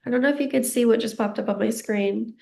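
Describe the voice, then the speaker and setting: A young woman giving a casual psychic tarot reading, a little out of breath, gentle and reassuring as she rambles with fillers. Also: on the high side, fast, gravelly. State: slightly out of breath. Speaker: tarot card reader.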